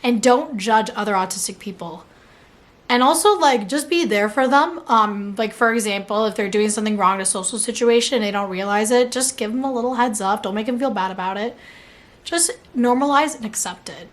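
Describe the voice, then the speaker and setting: Her pitch sits on the high side and she talks a little fast as she responds to questions from viewers. This young woman's vlog chat is loose and full of "like," and she breaks into laughter at her own expense partway through sentences.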